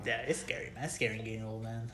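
A man's voice: on the low side, little pitch movement, fast, a bit bright. A man in his late twenties co-hosting a podcast, drunk and swearing freely through loose banter. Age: late 20s. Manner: loose, profane, laughing banter. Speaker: podcast co-host. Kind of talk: casual chat. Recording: roomy echo.

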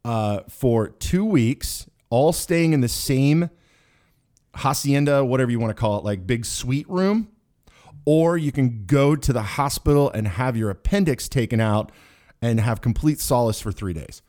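A man in a middle pitch range runs a relaxed podcast over a video call. He teases his guests and fires off playful would-you-rather questions. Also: measured pace. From Kansas City area. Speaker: podcast host.

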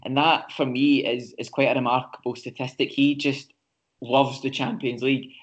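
Man, podcast co-host, flat delivery, casual football chat, slightly muffled lo-fi sound. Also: medium pitch. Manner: measured analysis with frequent ums and restarts.

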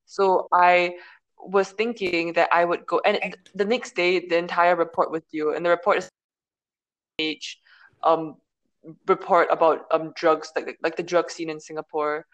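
A woman's voice: fairly low pitch, flat delivery, unhurried, poor audio. A young woman co-hosting a casual podcast over a video call, telling a long story with frequent giggles. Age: young adult. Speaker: podcast co-host. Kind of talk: casual chat.

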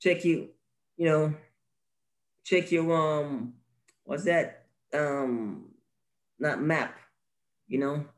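Male podcast co-host, slightly high voice, animated and preachy, repetitive, laughing. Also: drawn-out words, long pauses. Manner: animated, repeats phrases, laughs often, preachy emphasis. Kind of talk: casual religious podcast talk.

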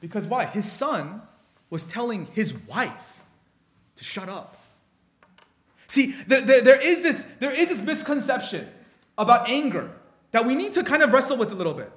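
A man preaching a sermon, telling stories in an animated way and often restarting his sentences. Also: very high-pitched, moderate pace. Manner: animated storytelling with frequent restarts.

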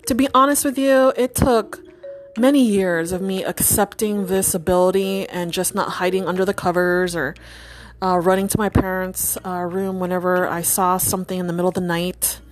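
A woman's voice: lowish voice, moderate pace. A woman telling a personal story in a casual, chatty way, full of fillers and restarts and acting out the voices of the people in it. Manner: animated, chatty, many fillers and restarts, acts out quoted voices. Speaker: storyteller and psychic nurse.

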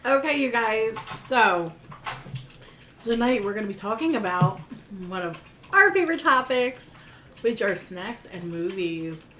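A woman co-hosting a casual group chat, blunt and quick to laugh. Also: on the high side, lively intonation, bright, forceful tone, reverberant, slight background noise. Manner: blunt, laughs easily, leads the topic. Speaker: co-host.

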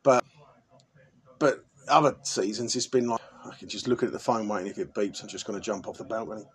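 A man's voice: on the low side, brisk. Man hosting a sweary podcast. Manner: banter, swearing, rambling storytelling. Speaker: podcast host. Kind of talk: casual chat.

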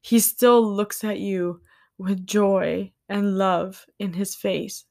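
Woman podcast host, mid-pitched, slow, earnest and tearful, giving faith-based encouragement. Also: fairly even intonation, gravelly, a little mellow. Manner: earnest, tender, speaks slowly with pauses. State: tearful, near crying.

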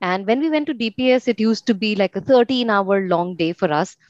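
A brisk, slightly mellow woman's voice of medium pitch belongs to a young Indian interview guest. She shares her story in a reflective, conversational way, leaning often on fillers. Sound is dry and somewhat muffled.

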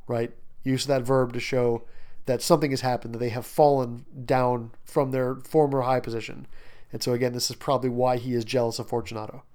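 Man, literature lecture, animated, emphatic, lots of fillers and asides. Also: medium pitch, brisk. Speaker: literature teacher. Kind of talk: lecture on a short story, reading passages aloud.

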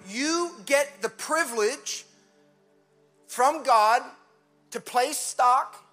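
A male pastor giving a conversational, animated sermon in a church, with quick asides and laughter. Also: very high voice.

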